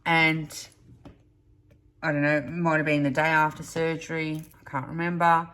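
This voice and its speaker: A woman's voice: deep voice, level tone, normal speed, a bit bright. A woman hosting a crafting channel, telling stories in a chatty, rambling way with many asides. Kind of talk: casual storytelling to camera.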